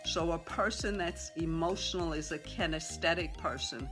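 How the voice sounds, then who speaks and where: A woman teaching a sales training session to a group, talking fast with lots of fillers and acting out conversations with sellers. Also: sits low, over music. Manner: talks fast, role-plays seller dialogue, many fillers. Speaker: real estate sales trainer. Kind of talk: live training talk to a room.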